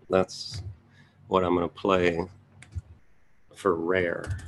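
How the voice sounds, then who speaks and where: A man's voice: low voice, a little slow, gravelly. A man giving casual live market commentary, thinking aloud as he scans charts and making chatty asides to his viewers. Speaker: trading educator reviewing charts.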